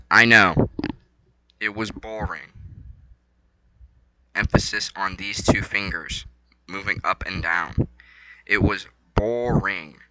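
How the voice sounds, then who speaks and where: A young man rambling casually about a fight night, excitable and slangy, swinging between low mumbles and loud bursts. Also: a little hiss or hum, poor audio. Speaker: vlogger.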